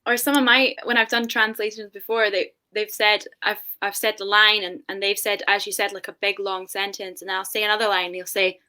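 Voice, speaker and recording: A woman's voice: mid-range voice, flat delivery, a little fast, few pauses, sharp tone. A woman on a whiskey panel, chatting casually and retelling a friend's story with plenty of laughter. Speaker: whiskey brand ambassador, panelist. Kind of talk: casual anecdotal chat.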